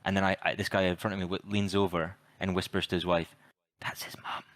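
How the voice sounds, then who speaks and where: A man's voice: low-pitched, little pitch movement, fast talker, a bit bright, no room sound. A man co-hosting a podcast, giving wry, opinionated film opinions with dry sarcastic jokes. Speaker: podcast co-host. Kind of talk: casual film review chat.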